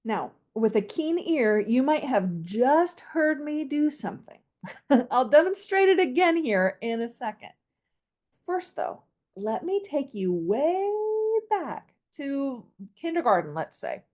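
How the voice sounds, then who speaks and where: A woman's voice: high-pitched, big pitch swings, slow, a little mellow. A woman voice coach hosting an instructional podcast, explaining and demonstrating vocal melody with a playful, laughing manner.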